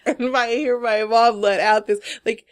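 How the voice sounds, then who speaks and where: A woman co-hosting a casual chat podcast, telling a story in a lively, laughing way and swearing freely. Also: on the high side, measured pace. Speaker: podcast co-host. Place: Portland, Oregon area.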